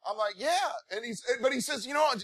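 A man preaching from the pulpit in a very high, bright, forceful voice. He talks to his congregation in a folksy, conversational way and climbs into animated shouts of praise. The sound is close and dry, with no room echo. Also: fast talker. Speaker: pastor. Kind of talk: sermon.

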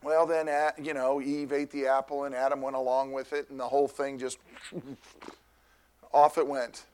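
A man's voice: mid-range voice, little pitch movement, unhurried, a little mellow. A middle-aged man preaching as a pastor in a rambling, conversational way, acting out the people he quotes. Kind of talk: sermon.

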